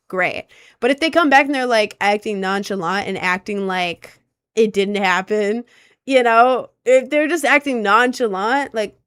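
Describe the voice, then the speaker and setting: Young female streamer, fairly high voice, close dry sound; rambling, frank, full of "like"s. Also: normal speed, dry recording. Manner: chatty and rambling, heavy on filler words; frank, animated advice-giving. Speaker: livestreamer. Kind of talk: casual livestream chat.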